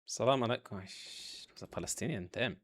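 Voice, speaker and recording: An Israeli man hosting a casual live stream, teasing strangers with quick, provocative banter. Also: lowish voice, a bit bright.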